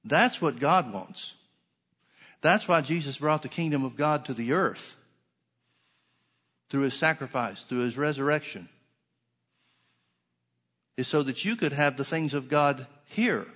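Preaching with earnest conviction, this man repeats his key phrases and stretches out each scripture quotation by slowing down. His voice sits on the higher side, expressive and fairly bright in tone.

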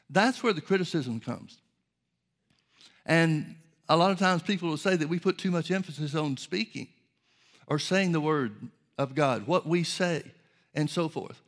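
Gravelly-voiced male preacher. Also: on the high side. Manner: measured preaching, reads scripture aloud. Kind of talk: sermon.

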